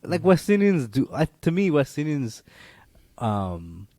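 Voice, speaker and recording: A man co-hosting a podcast in casual chat, with an animated, eager manner and quick agreeing interjections. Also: a little high, dry recording. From Guyana heritage. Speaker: podcast co-host.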